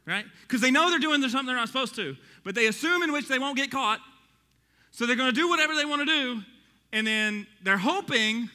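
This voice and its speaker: A man in his thirties preaches to his congregation with a high, very bright voice. He talks in an animated way, dropping joking asides between verses. The sound carries a long reverb from a large hall. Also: a little fast. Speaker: pastor. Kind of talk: sermon.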